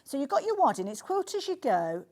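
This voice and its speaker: A woman with a slightly high voice hosts a live shopping channel show from a TV studio. She talks in a chatty, gushing sales patter. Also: very animated, a little fast, a little mellow.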